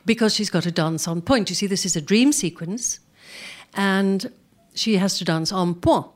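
Older woman spinning lively stage anecdotes. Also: mid-range voice, moderate pace. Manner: animated, acts out quoted speech, laughs often. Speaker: performer telling career stories. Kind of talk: anecdotal storytelling to a live audience.

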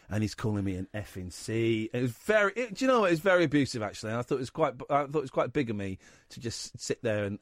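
A man's voice: on the low side, no echo. A man hosting a radio talk show in the studio, telling a rambling anecdote full of quoted voices. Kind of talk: casual radio chat, storytelling.

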